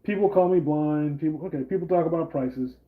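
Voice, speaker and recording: Speaking a little fast in a slightly high voice, a man hosts a laid-back political livestream over narrow, tinny audio. He wanders from point to point, leans heavily on "like," and reads viewer comments out loud.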